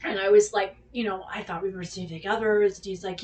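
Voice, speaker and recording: A woman's voice: mid-range voice, brisk, hardly any pauses, recorded from a distance. A woman hosting a podcast who tells a personal story in casual chat, rambling and candid, swearing freely and acting out what people said. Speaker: podcast host.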